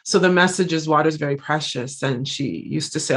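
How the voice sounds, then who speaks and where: A woman giving a lecture, telling a personal story in an earnest, reflective way, pausing often and restarting her phrases. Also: sits low. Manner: reflective, halting, with frequent pauses and restarts; earnest, heartfelt. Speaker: visiting scholar giving a lecture.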